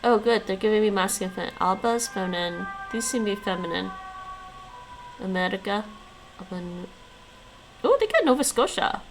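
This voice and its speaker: A woman hosting a casual language-learning stream. She reads lesson notes aloud and chats loosely with her viewers, laughing often. Her voice has a gravelly, creaky texture, with faint noise behind her. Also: mid-range voice, expressive, moderate pace, pauses often, poor audio. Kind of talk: casual live-stream chat.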